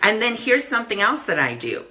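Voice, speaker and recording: A man's voice: high-pitched, big pitch swings, a little fast, sharp tone. A man giving a casual live-stream talk as a spiritual teacher, earnest and repeating affirmations, with many "you know" fillers.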